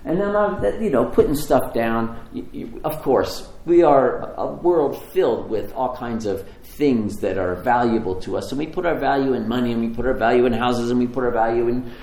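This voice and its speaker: A man tells a sermon story in a loose, conversational way, often restarting his sentences. His voice sits at an everyday middle pitch. The sound rings in an echoey room. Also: darkish tone. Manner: conversational, halting, many restarts.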